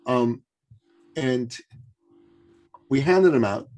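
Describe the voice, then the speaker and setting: A man, a coaching guest on a podcast, telling a story casually with animated delivery and frequent restarts. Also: mid-range voice, drawn-out words, faint music behind.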